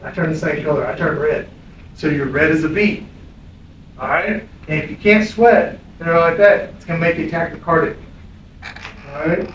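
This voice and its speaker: A man's voice: on the high side, normal speed, a bit bright, dull audio, a little hiss or hum. A middle-aged man teaching an EMS class, blunt and profane, quizzing students between stories. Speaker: EMS instructor. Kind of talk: classroom lecture with anecdotes. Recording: echoey room, distant mic.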